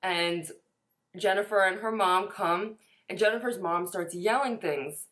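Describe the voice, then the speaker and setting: A woman's voice: mid-range voice, a little slow, a bit bright. A woman in her twenties telling a personal story in a casual, chatty way, swearing now and then and saying "like" a lot. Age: 20s. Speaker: vlogger.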